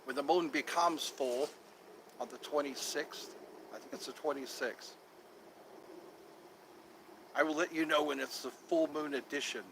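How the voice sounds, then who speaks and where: A man's voice: on the high side, steady tone, a little slow, gravelly, long pauses, a bit bright, slight background noise, rough recording. A man hosting a casual livestream from outdoors in the cold on his phone, rambling and repeating himself as he talks to viewers. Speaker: livestream host.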